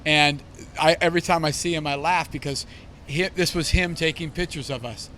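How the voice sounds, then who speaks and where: Male musician guest, upbeat and rambling, slightly high pitch, faint background hiss. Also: fairly even intonation, normal speed, sharp tone. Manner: enthusiastic, rambling with restarts. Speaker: bass player guest. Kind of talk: casual backstage interview. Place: backstage at a concert venue.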